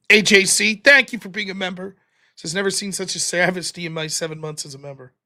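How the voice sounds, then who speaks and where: A man's voice: high-pitched, steady tone, fairly quick, bright, forceful tone. An American man hosting a live stream, reading viewer donations aloud in a mock-wounded, self-deprecating way. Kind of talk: casual live-stream chat.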